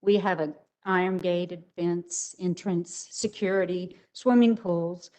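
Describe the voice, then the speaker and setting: A woman's voice: lowish voice, steady tone, takes it slowly, warm tone, low-quality recording. An older woman speaking as a resident at a public hearing, emotional and emphatic. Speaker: resident giving public comment.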